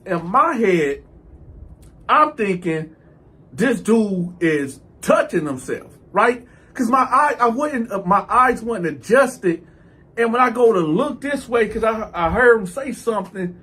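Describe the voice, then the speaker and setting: Male host telling a story, high and husky, swearing freely, swinging into loud outbursts. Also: a little slow. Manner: animated, breaks into loud outbursts when quoting himself; profane street slang. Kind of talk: casual storytelling.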